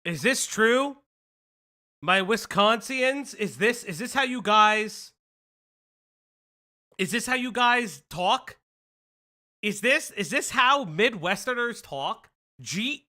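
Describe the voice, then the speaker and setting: An animated male streamer hosting a casual commentary show. His voice is high and very bright, and his pitch swoops widely while he fires off teasing questions. He laughs often as he chats. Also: slow pace, long pauses. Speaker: stream host.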